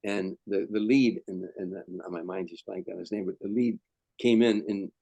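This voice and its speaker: Low-voiced older man telling stories. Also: steady tone, normal speed, creaky, warm tone, no room sound, low-quality recording. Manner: rambling, repeats words, restarts. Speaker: guest comedian. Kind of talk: anecdotal storytelling.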